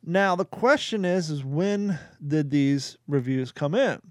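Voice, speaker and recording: A chatty man hosting a podcast, reading reviews aloud and laughing at his own jokes. His voice sits a little high and sounds close and dry, with no room around it. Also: expressive, slow, darkish tone, no room sound. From Kentucky. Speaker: podcast host.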